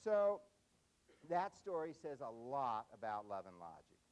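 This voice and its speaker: A man's voice: medium pitch, very animated, a little slow, darkish tone, poor audio. An older man giving a humorous parenting lecture, folksy, telling a story and tagging his points with "see?". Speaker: parenting speaker.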